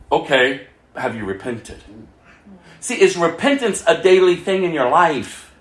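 Impassioned high-pitched male preacher. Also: animated, unhurried, roomy sound. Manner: impassioned, rhetorical questions, swings from loud to hushed. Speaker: pastor. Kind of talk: sermon.

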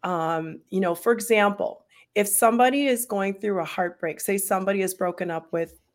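A woman energy healer talking calmly and earnestly about healing and opening the heart. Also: mid-range voice, normal speed. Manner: calm, earnest, explains at length. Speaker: energy healer and spiritual coach. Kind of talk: casual spiritual chat.

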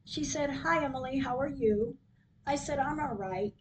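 A woman hosting her own podcast, reading her diary entries aloud in a slow, measured way. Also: high-pitched, background noise. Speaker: podcast host.

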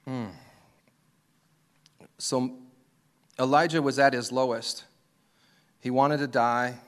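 Guy pastor preaching in church, tells the story like he's acting it out, goes way quiet to a whisper sometimes, mid pitch. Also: smooth. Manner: storytelling, acting out scenes, whispering God's words. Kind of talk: sermon.

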